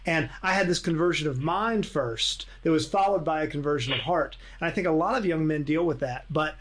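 A man hosts a podcast in casual conversation, enthusiastic and reflective. His voice sits slightly high for a man. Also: fairly quick, noisy background. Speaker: podcast host. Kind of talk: casual chat.

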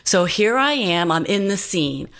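A woman's voice: mid-range voice, big pitch swings, measured pace, fairly bright tone. A woman guest telling a personal story in an earnest, meandering way, full of fillers and restarts.

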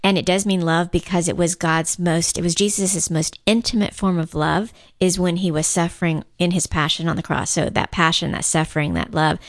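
A woman's voice: lowish voice, steady tone, moderate pace, hardly any pauses, no echo, studio quality. A woman co-hosting a faith talk radio show, chatting enthusiastically and laughing often. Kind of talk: casual chat.

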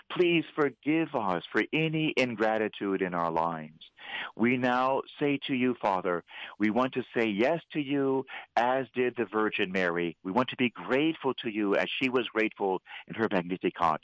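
A priest hosting a Catholic radio show, preaching fervently and leading prayer. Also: male voice, lowish voice, normal speed, dry recording, rough recording. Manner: fervent, preacherly, animated when voicing God. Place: radio studio.

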